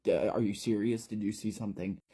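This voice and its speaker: A man's voice: on the low side, fairly even intonation, a little fast, dark tone, breathy edge. A man voicing a panicky, irritable teenage boy who stammers and snaps, in a storytelling recap. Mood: agitated. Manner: agitated, jittery, stammering.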